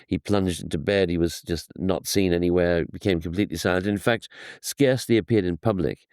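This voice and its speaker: A man speaking as a historian guest, explaining at length in animated storytelling, often restarting his sentences. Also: low-pitched, a little fast, clear, resonant tone, dry recording, clean studio sound. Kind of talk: conversational explanation.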